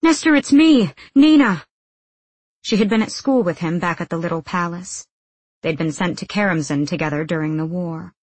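A woman narrating an audiobook in a steady, measured storytelling voice. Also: on the low side, slightly rough, dry recording. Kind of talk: scripted narration.

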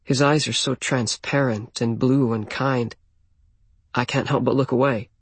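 A man's voice: mid-range voice, steady tone, measured pace, slightly rough, no echo. A man narrating a first-person story in a plain, intimate reading.

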